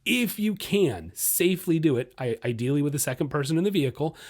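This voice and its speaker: A man hosting a dog podcast, giving casual, blunt training advice and talking straight to his listeners. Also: a little high. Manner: blunt, animated, talks straight to listeners as "guys"; acts out a dog's inner voice in quick asides.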